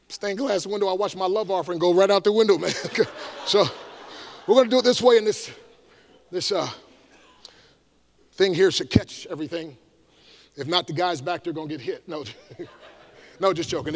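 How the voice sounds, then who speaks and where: High, gravelly evangelist. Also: male voice, moderate pace, pauses often. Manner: shouting, call-and-response with the audience. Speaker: evangelist and motivational speaker. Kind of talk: energetic stage motivational talk. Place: large room before a live audience.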